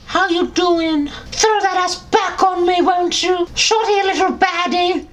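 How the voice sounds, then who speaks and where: Dobby, a shrill unhinged house elf. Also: male voice, steady tone, measured pace, fairly bright tone, low-quality recording. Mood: brash. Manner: high, shrill, third-person rants. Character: squeaky male house elf, unhinged and gleeful. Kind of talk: comedic character voice.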